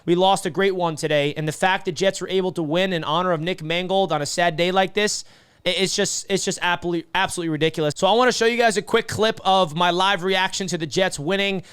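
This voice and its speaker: A male sports fan hosting his own recap vlog, with a high-pitched, smooth, clear voice. He sounds earnest and passionate, and moved with grief as he talks. His speech comes in rushes, and he often repeats himself. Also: steady tone, fairly bright tone. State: emotional, grieving. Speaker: sports fan channel host.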